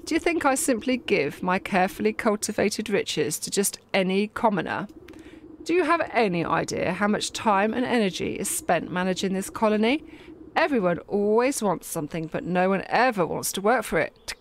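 A woman's voice: medium pitch, lively intonation, moderate pace, a little hiss or hum, lightly acted. A woman voicing a snooty, imperious female queen bee who talks down to everyone with scorn. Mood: indignant.

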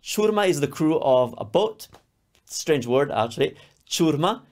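A man with an Italian accent, a native speaker, teaching a beginner language lesson. His voice sits a little high and stays animated. He repeats each word slowly and carefully. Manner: lively, sounds words out slowly and repeats them. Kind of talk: scripted lesson to camera.

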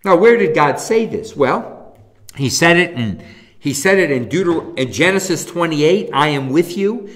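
Animated pastor teaching a Bible class. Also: male voice, a little high. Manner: emphatic, asks the class rhetorical questions; reads scripture passages aloud.

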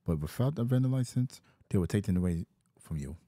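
Low voiced guy going off on a rambly vlog rant, dry close sound. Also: lively intonation, a little fast, mellow, dry recording. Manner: rambling, repetitive complaining. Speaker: vlogger. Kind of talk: casual rant.

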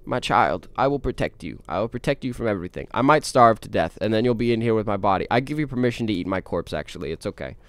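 A man's voice: lowish voice, animated, quick pace, few pauses, no room sound. A young man livestreaming a game, chatting casually, reading chat aloud and playing up dramatic moments for fun. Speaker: streamer and animator.

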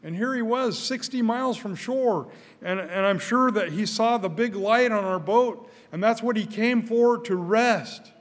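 An older man preaching a sermon in a church, earnest, often repeating his first words, growing louder when stirred. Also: high-pitched, unhurried. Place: church sanctuary. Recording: church hall with long reverb.

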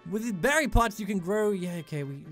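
A man's voice: high-pitched, expressive, brisk, a bit bright, soft background music. A young man giving rambling, jokey commentary while he plays a video game. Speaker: let's play gamer. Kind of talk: casual gameplay commentary.

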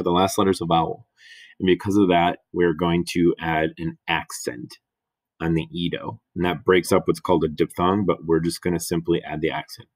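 A man teaching Spanish grammar in a recorded lesson, patiently repeating and spelling out examples. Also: sits low.

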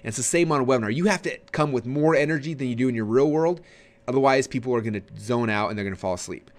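A man teaching a recorded webinar with an energetic, animated delivery, leaning forward and gesturing as he explains. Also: mid-range voice, quick pace. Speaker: marketing trainer.

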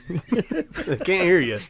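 A man's voice: high-pitched, huge pitch swings, drawn-out words, creaky. A man co-hosting a podcast in casual chat, throwing in teasing, profane remarks. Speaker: podcast co-host. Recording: noisy background.

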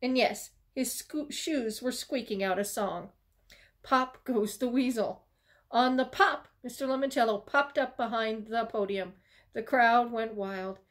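Lively woman reading a children's book aloud. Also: fairly high pitch, unhurried. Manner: lively storytelling with small slips and restarts. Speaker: children's librarian.

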